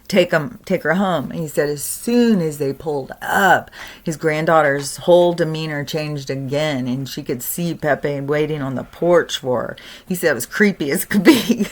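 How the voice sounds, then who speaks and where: A woman vlogger telling a story in a casual, animated, chatty way, laughing often. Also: on the low side.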